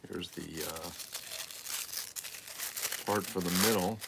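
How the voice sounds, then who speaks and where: A deep-voiced man with a gravelly, creaky edge, rambling casually as he assembles a toy on a livestream. He mutters to himself, swears under his breath and tosses out crude jokes. Steady background noise runs under his voice. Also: normal speed, pauses often. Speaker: toy collector livestream host. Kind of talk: casual unboxing livestream chat.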